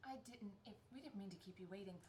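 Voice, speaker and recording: A woman's voice: medium pitch, fast, darkish tone, a little hiss or hum, close to an everyday voice. A woman playing a chatty, flustered young princess in a tabletop game, rambling and apologetic. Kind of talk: tabletop role-play in character.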